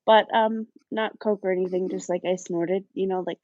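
A woman's voice: medium pitch, fairly even intonation, moderate pace, a little mellow, dry recording, highs cut off. A woman streamer chatting casually and giggling. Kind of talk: casual chat.

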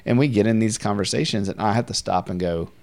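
A man with a very low, deep voice hosts a relaxed conversation about faith. He speaks earnestly and thoughtfully, sometimes picking up energy as he makes a point. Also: fast, vocal fry. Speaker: podcast host.

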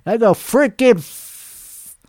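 A man playing a crude, boastful male singer, talking in a hoarse voice with a rambling, profane, cocky manner in a comedic character monologue. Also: very high voice, expressive, slow, darkish tone, dry recording, studio quality, exaggerated voice. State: hoarse from singing.

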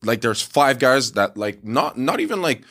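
Animated man telling stories, filler-heavy. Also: medium pitch, normal speed. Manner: animated storyteller, acts out quotes, many "like" fillers. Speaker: podcast co-host. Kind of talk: casual podcast storytelling.

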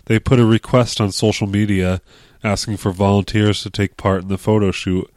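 Low-voiced joking man on a podcast. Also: flat delivery, normal speed, a little mellow, dry recording, clean studio sound. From Connecticut. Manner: joking, reads article aloud. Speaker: podcast co-host. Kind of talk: casual podcast chat.

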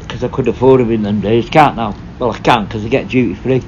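A former prison officer telling stories casually, blunt and full of swearing, rambling and restarting. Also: male voice, medium pitch, steady tone, quick pace, darkish tone, lo-fi sound, slight background noise. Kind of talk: casual storytelling.

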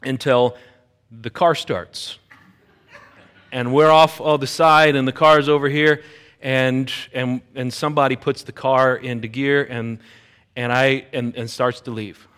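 Animated middle-aged male pastor telling a story. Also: medium pitch, unhurried, clean tone. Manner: animated storyteller, acts out quoted voices. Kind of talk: sermon with a personal story.

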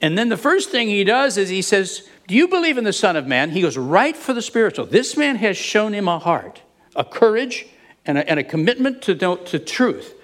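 Lively, animated male preacher. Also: sits high, moderate pace. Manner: animated storytelling, acts out quoted speakers. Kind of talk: sermon.

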